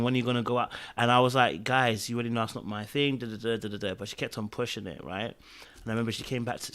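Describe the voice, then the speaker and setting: A young man chatting casually on a podcast, telling a story with lively acted-out quotes and filler like "da, da, da". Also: medium pitch. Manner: animated storytelling, acts out quotes, fills with "da, da, da".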